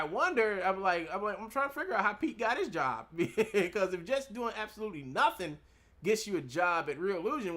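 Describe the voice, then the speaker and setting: Young male streamer, high bright voice, mocking, laughs and swears a lot. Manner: mimics others in a loud put-on voice. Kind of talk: casual rant.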